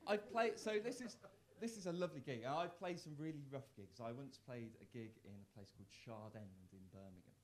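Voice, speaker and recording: A young man from the doing a live stand-up set in a comedy club, self-mocking, with stammered restarts and sudden loud punchlines. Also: mid-range voice, fairly quick, hardly any pauses. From Worcester, England.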